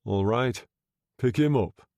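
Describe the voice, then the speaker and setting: A man voicing a smooth-talking gangster undertaker who speaks low, soft and quietly threatening, in an audiobook reading. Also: slow, no room sound, clean studio sound. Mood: menacing.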